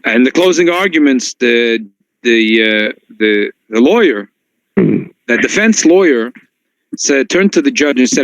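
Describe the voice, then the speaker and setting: A rabbi retelling a story to his class in a mid-pitched male voice. He is animated, breaks off and restarts his sentences, and drops in Yiddish and Hebrew phrases. The recording is dry and close, with almost no room echo. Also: a little slow.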